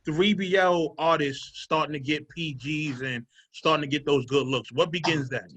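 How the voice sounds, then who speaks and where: A man's voice: fairly high pitch, moderate pace, a bit bright, low-quality recording. A man hosting a casual interview, asking short probing questions and reacting briefly. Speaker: interview host.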